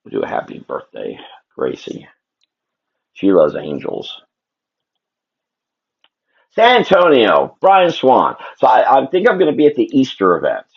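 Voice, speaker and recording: A man's voice: low-pitched, vocal fry, slightly rough. A man chatting casually and rambling to himself and his viewers while he draws on a live stream. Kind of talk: casual livestream chat while drawing. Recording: dull lo-fi stream audio.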